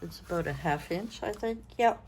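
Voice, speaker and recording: Tired low-voiced woman in her sixties. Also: animated, normal speed, noisy background. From Canada. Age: 60s. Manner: rambling, thinks aloud, self-interrupting. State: tired and yawning. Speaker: craft vlogger. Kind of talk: casual show-and-tell chat.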